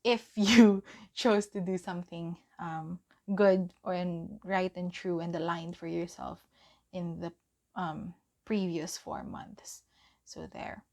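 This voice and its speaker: A young woman giving a pick-a-card tarot reading, gentle and encouraging, often giggling and saying um. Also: on the low side, fairly even intonation, takes it slowly. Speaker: tarot reader.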